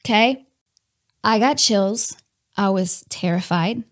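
A woman telling a personal testimony in a candid, animated way, talking to her listeners as y'all and laughing between lines. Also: medium pitch, slow. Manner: chatty with many fillers and laughs.

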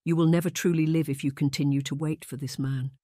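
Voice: medium pitch, fairly even intonation, fast, mellow, no room sound, clean studio sound, natural voice. A narrator voicing Miss Lily, an anxious but well-meaning female friend, in an earnest, coaxing audiobook reading.

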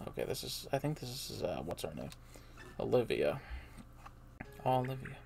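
A woman's voice: rumbling low, very animated, normal speed, creaky, long pauses, warm tone, slight background noise. A woman playing through a game and commenting, rambling with self-deprecating muttered asides. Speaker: let's player.

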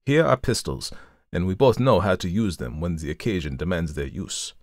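Cool analytical detective, read by a man, lower voice, measured formal delivery, storybook. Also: very animated, dry recording, clean studio sound. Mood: lecturing. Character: coolly analytical male detective, methodical, lecturing. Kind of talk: audiobook reading of a classic story.

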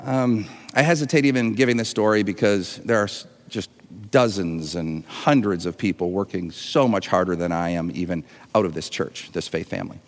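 A pastor livestreams a sermon to an online audience, earnest and emotional, frequently restarting and repeating words. His voice sits low at a normal speed, trailed by a long reverb tail.

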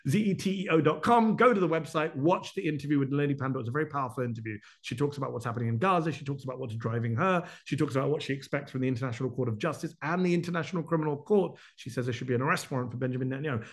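A man hosting a town hall, answering members' questions off the cuff in a brisk, animated way, listing his points and tossing in quick asides. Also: medium pitch.

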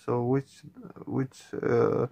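Man reacting to a horror game for viewers; spooked, swearing, unhurried delivery, mid pitch. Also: completely flat delivery, gravelly, mellow, muffled recording. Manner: jumpy, swearing, talks to viewers. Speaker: gaming channel host.

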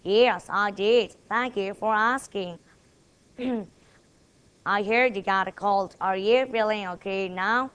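A woman's voice: mid-range voice, fairly bright tone, clear, resonant tone. A woman with a Korean accent, reciting memorized English dialogues and speaking both parts of each exchange. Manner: plays both sides of each dialogue, deliberate and careful. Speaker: student presenter.

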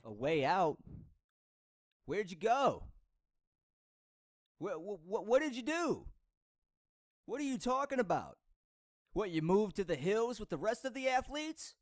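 A man's voice: sits high, very animated, a little slow, long pauses, dry recording, clean studio sound. A man giving a heated, frustrated rant as a vlogger, lecturing his viewers. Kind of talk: ranting video commentary.

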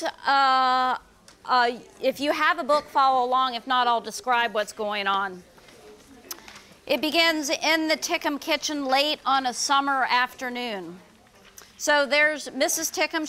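High-pitched lady reading her kids book to a bookstore crowd, lively storyteller. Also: measured pace, clear, resonant tone. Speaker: children's book author. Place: bookstore event.

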